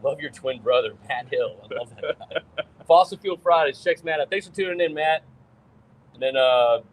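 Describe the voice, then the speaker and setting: A man hosting a casual breakfast livestream, chatty and upbeat, giving shout-outs to viewers. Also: fairly high pitch, normal speed, poor audio. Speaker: host.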